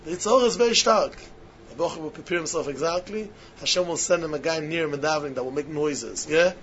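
A man with a high voice gives a Torah talk in Yiddish-inflected English, swinging between emphatic repeated phrases and a quiet murmur. The recording is dull and lo-fi, with faint noise underneath. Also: fast talker. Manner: rising to emphatic repetition, then dropping to a quiet murmur. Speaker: rabbi giving a talk. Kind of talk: Torah talk before Rosh Hashanah.

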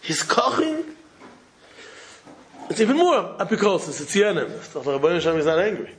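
Through a low-quality recording comes a rabbi's high, sing-song voice at a normal speed. He's giving a Torah lecture built around a parable, repeating phrases for emphasis and sprinkling in Hebrew and Yiddish terms.

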